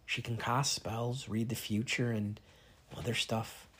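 A man voicing a young female warrior who explains things in hushed, matter-of-fact asides. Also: mid-range voice, steady tone, measured pace, breathy edge. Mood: whispered.

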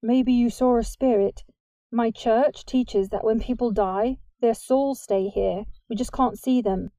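Woman reader doing a polite, gentle teen boy, mellow tone, earnest. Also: a little high, steady tone, a little slow, no echo. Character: gentle teenage boy who loves hurt animals.

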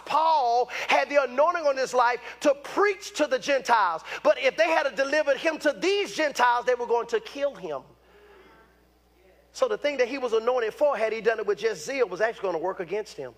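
A man in his fifties preaching a sermon with fervor, breaking into shouts and repeating lines for emphasis. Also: extremely high pitch, expressive, fairly quick. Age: 50s.

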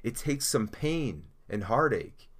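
A man's voice: medium pitch, sing-song, takes it slowly. A man preaching a sermon as a pastor, telling a story with acted-out voices and then leading a prayer. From Canada. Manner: storytelling, acts out quoted characters, ends in prayer. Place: church.

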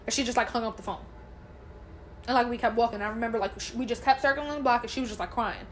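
A woman's voice: a little high, fairly even intonation, fast, a little hiss or hum. A young woman in casual chat, telling a personal story candidly with plenty of profanity and quoted voices. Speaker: guest telling her story.

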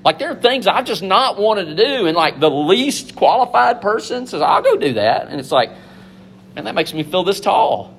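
A man preaching a sermon, animated and conversational, acting out biblical figures in quick asides. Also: sits high, a little hiss or hum.

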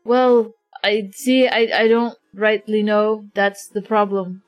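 A woman playing a tabletop game, who talks in a hesitant way and trips over her words. Her pitch sits in the middle range. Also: fairly even intonation, slow, no echo, soft background music. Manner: hesitant and stammering. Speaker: tabletop player.

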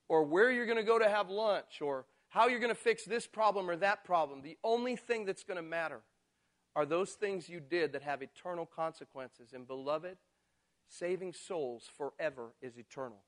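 A man preaching a sermon who moves from quiet asides to loud, slowed-down build-ups, and acts out people's excuses in mocking voices. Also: sits high.

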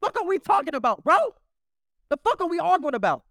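Fast, high-voiced man arguing loudly. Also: sing-song, gravelly, dry recording, clean studio sound. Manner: loud, profane, repeats himself insistently. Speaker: sports debater. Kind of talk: heated casual sports argument.

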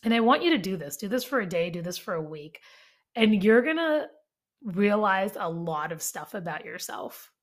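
A young adult woman and life coach talking casually on her solo podcast, chatty and animated, full of fillers and acted-out quotes. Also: medium pitch, moderate pace.

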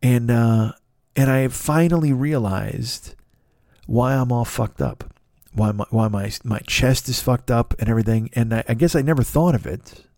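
A man's voice: mid-range voice, normal speed, dark tone, no room sound. Man, podcast host, comedic rant, heavy swearing, raw throat, dry sound. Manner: swears constantly, ranting and sarcastic. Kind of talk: profane comedic monologue.

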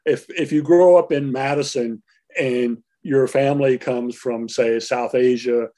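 A man's voice: mid-range voice, fairly even intonation, unhurried, warm tone. A man answering interview questions as a linguist, explaining carefully with frequent filler words. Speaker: linguist guest.

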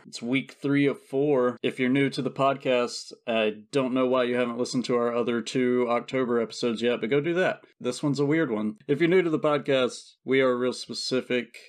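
Laughing podcast host. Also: male voice, medium pitch, fairly even intonation, normal speed, hardly any pauses. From South Georgia, US. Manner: laughs often, swears casually. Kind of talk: casual podcast chat.

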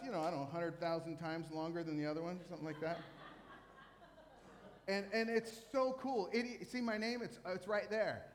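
Speaking a little high, a man preaching from a church stage tells his sermon as a series of stories, animated and laced with jokes at his own expense. Everything echoes with the lingering reverb of a big hall.

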